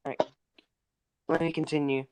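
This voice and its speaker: A man's voice: on the high side, flat delivery, normal speed, clean tone, no room sound, rough recording. A young man on a phone in an online call, retelling a story in a loose, rambling way, with many restarts, fillers and casual swearing.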